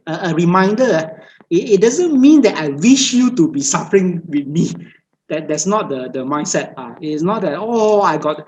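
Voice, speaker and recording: A woman's voice: on the low side, lively intonation, moderate pace, darkish tone, poor audio. A woman giving a Buddhist dharma talk over a video call, speaking in repetitive, list-like phrases with many hesitant fillers. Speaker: meditation teacher.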